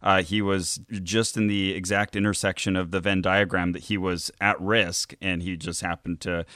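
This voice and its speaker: A man co-hosting a podcast, telling stories in a relaxed, amused way. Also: low voice, normal speed, no echo, studio quality. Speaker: podcast co-host. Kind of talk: casual chat.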